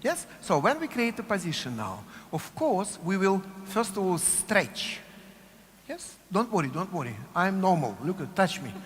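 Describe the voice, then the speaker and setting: A man's voice: sits high, sing-song, normal speed. A man with a Russian accent teaching a dance workshop, chanting cue words in rhythm and checking in with "yes?" as he goes. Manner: coaching rhythmically, repeats cue words, asks "yes?" often. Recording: long hall reverb, faint room noise.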